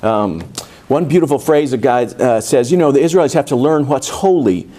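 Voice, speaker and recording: Preaching at a normal speed, a pastor with a warm mid-range voice speaks to his church sanctuary conversationally. He often breaks off into asides and restarts his thoughts.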